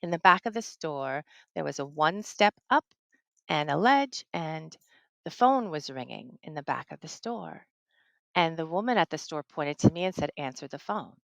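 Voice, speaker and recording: A woman's voice: sits low, expressive, normal speed, vocal fry, no room sound, poor audio. A middle-aged woman from New Jersey, a tarot reader, telling a personal ghost story in casual conversation.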